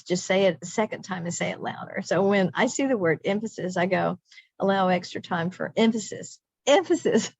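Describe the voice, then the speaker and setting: A woman's voice: fairly low pitch, creaky, no echo, highs cut off. A middle-aged woman leading a recorded teacher training session, chatty and self-interrupting, laughing at herself.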